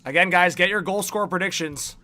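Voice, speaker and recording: A man's voice: high-pitched, fairly quick, pushed and bright. A man hosting a live reaction stream, cheerfully rattling off viewer names and locations and laughing often.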